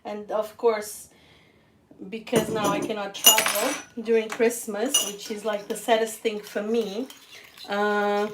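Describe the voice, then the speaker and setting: A woman's voice: medium pitch, little pitch movement, takes it slowly, very noisy. Chatty woman cooking live. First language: Portuguese. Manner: chatty, laughs often, speaks straight to viewers. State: feeling weak and ill. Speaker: cooking channel host. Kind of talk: live-stream cooking chat. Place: home kitchen.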